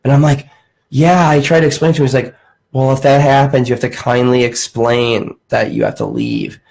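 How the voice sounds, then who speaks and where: A man's voice: mid-range voice, normal speed, gravelly, low-quality recording. A young man hosting a casual podcast, telling a story and acting out the voices of the people in it, swearing freely. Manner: animated, acts out quoted voices, swears casually. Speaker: podcast host.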